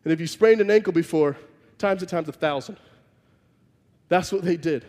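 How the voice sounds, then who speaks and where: A man preaches a sermon, telling the story vividly and emphatically and acting out the scenes, with long reverb from a large hall. His voice is fairly high with a darkish tone, at a moderate pace.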